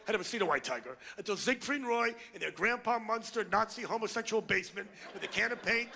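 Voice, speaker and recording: A man in his sixties doing a loud, ranting, insulting stand-up comedy routine on a club stage. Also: high-pitched, lively intonation, fast, gravelly.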